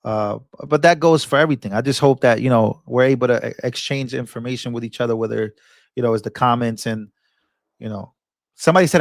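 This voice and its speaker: A man's voice: medium pitch, fairly quick, vocal fry, no echo, studio quality. A man hosting a political commentary vlog, talking in an impassioned, casual way, restarting and repeating words and breaking into sermon-like rebukes. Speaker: political commentator and channel host.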